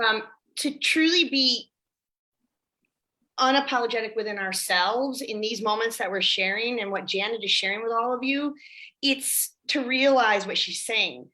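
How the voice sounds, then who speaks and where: A woman's voice: fairly high pitch, moderate pace, pushed and bright, low-quality recording. A woman hosting a podcast, reflecting on what her guest shared. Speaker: host.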